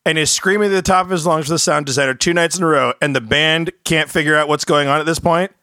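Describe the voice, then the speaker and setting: A man's voice: a little high, fairly even intonation, fast talker, sharp tone, clear, resonant tone, no echo, clean studio sound. A man hosting a casual podcast who cuts in with joking remarks. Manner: joking interjections. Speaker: podcast host. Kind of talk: casual chat.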